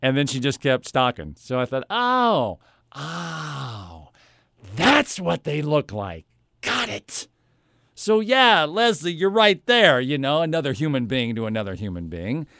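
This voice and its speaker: A man casually telling a story about a shopping trip, in an animated, conversational way with playful asides. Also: mid-range voice, moderate pace, clear, resonant tone, no echo, studio quality.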